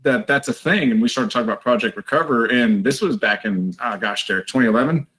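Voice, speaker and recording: A man's voice: on the low side, fast talker, fairly bright tone, poor audio. A man being interviewed, telling a story in a chatty, anecdotal way. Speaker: guest, retired Marine.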